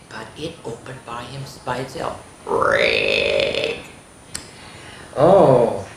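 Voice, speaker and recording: A woman reading a spooky children's story aloud, expressive, with gasps and little asides to young listeners. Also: sits low, slight background noise. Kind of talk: reading a spooky picture book aloud to kids. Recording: roomy echo.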